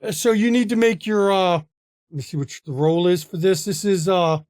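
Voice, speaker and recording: High-voiced man running a tabletop game. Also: moderate pace, a little mellow, no room sound, studio quality. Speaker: game master.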